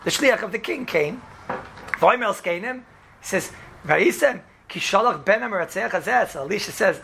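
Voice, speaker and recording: A man teaching a casual class as a rabbi, telling the story in an animated way and acting out the quoted lines, with lots of "right?" and "you know". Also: sits high, moderate pace, creaky, a little hiss or hum. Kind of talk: casual classroom Torah lesson.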